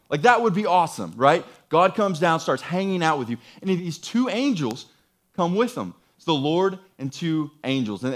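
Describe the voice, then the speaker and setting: A man preaching a sermon in a conversational, emphatic way, often repeating phrases. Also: fairly high pitch. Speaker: pastor.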